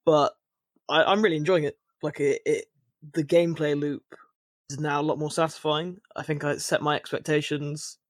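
A man's voice: fairly high pitch, flat delivery, moderate pace, no echo. Man chatting with lots of restarts. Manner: rambling with frequent restarts and fillers. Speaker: podcast co-host. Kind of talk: casual podcast chat.

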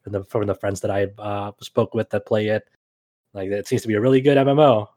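A man co-hosting a podcast in casual chat, halting, with many fillers and restarts. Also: fairly low pitch, a little mellow, no room sound, clean studio sound. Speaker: podcast co-host.

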